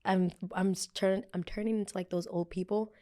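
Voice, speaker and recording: A young woman hosts a podcast alone, recapping pop culture in a casual, chatty and animated way. She uses fillers and breaks into sudden excited exclamations, with a medium-pitched voice and a brisk pace.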